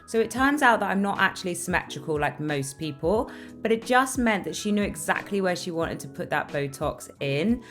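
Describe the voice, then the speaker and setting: A woman's voice: on the low side, expressive, moderate pace, fairly bright tone. A young woman chatting casually to camera as a beauty vlogger, upbeat and confiding with her viewers. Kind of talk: casual vlog talk to camera. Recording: faint background music.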